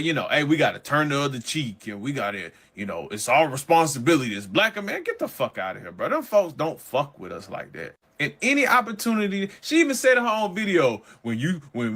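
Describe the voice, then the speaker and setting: A man's voice: on the high side, bright, forceful tone. A man giving casual reaction commentary, ranting in a heated, profane, slangy way.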